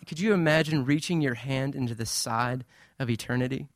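A man preaching a sermon in a conversational, animated way with playful asides. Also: medium pitch, brisk, no room sound, studio quality. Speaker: pastor.

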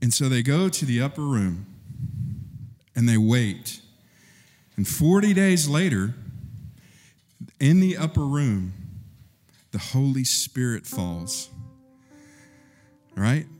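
A man preaching a sermon, telling a story and acting out voices, rising in pitch and force when stirred. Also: sing-song, slow pace, pauses often, darkish tone, soft background music. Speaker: pastor. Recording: long reverb of a large hall.

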